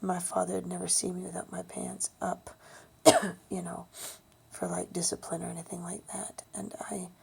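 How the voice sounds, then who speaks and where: A woman with a breathy, gravelly voice recounts a personal memory, often sinking to a near whisper. Her tone is mellow and dark, and she speaks haltingly, with ums and restarts. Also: fairly low pitch, level tone. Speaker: storyteller sharing a personal memory. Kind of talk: personal storytelling monologue.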